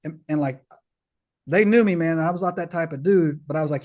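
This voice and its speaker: Male podcast guest, casual storyteller, slightly high voice, slangy and animated, acts out dialogue. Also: brisk. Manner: slangy, peppers talk with "man", "bro", "right?".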